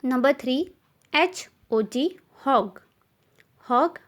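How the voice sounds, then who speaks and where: A woman teacher with an Indian English accent, leading young children through a slow classroom recitation and spelling each word letter by letter. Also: high voice, lively intonation. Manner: spells words letter by letter and repeats them.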